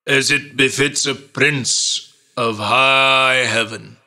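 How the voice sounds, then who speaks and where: A stern old thunder god speaks slowly and formally, as a man puts him on. The voice is gravelly and bright, and the delivery is unhurried and measured. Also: mid-range voice, steady tone, heavily acted. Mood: solemn.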